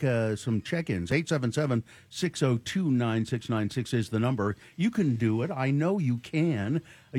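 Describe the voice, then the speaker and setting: A man's voice: medium pitch, a little mellow, no echo. A man hosting a morning radio show, rambling with lots of fillers and dry jokes. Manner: rambling, filler-heavy, jokey. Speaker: radio host.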